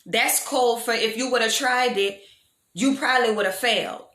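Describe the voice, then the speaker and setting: A young woman telling a storytime vlog in a frank, animated, slangy way, poking fun at herself. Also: on the high side, moderate pace. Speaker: vlogger. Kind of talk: casual storytime monologue. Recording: echoey room.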